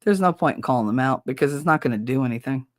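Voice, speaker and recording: A woman's voice: a bass voice, expressive, fast talker. A woman hosting a podcast, talking candidly and emotionally, swearing freely and restarting her sentences often. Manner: rambling with frequent restarts. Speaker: podcast host.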